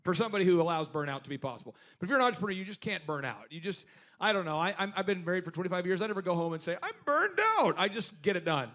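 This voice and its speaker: Guy in his 40s running a business workshop, pretty high voice, super animated, keeps acting out what people said. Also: rapid-fire. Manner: animated storyteller who acts out other people's lines. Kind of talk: workshop talk to a live group.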